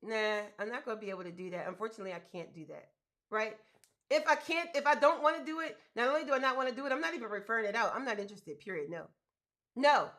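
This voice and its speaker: A woman's voice: a little high, rapid-fire, a bit bright. Woman host, motivational live talk, emphatic and colloquial, chatty. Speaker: host giving business grant advice.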